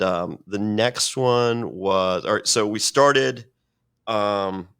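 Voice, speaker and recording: A guest on a podcast, a man with a fairly low, fairly bright and clean voice, rambles through a story, swearing and performing other people's lines along the way.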